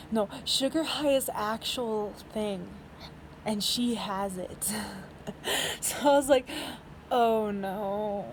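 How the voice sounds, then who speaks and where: Chatty woman in her twenties, casual storyteller who laughs and swears, quiet hum behind. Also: on the high side, low-quality recording. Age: 20s. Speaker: vlogger.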